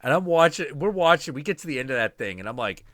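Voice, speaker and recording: Man, stream host, casual chat, profane, animated, bright tone, dry sound. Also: a little high, fast talker, no room sound. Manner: animated, profane, laughing storyteller.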